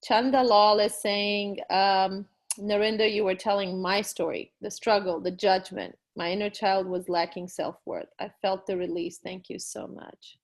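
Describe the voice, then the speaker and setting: A woman's voice: medium pitch, steady tone, a little slow. A woman hosting a live online stream, effusive and encouraging, reading viewer comments aloud with frequent fillers.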